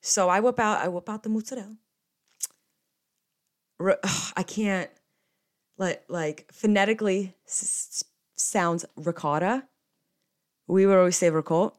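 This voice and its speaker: A woman's voice: fairly low pitch, moderate pace. A young woman, hosting a podcast in a rambling, casual chat full of swearing. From New Jersey. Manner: chatty and rambling, with frequent swearing. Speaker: podcast host.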